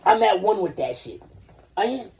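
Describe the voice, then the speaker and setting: Rambling, profane high-voiced man in his forties. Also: big pitch swings, normal speed, vocal fry, darkish tone, far from the mic. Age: 40s. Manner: rambling, profane, jumps between topics. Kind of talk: rambling livestream rant.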